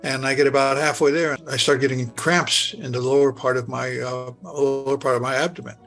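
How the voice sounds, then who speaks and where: A man in his eighties recounting a personal memory, halting and stuttering with many restarts. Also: medium pitch, level tone, a bit bright, soft background music. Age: 80s. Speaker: near-death experience survivor. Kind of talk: personal recollection.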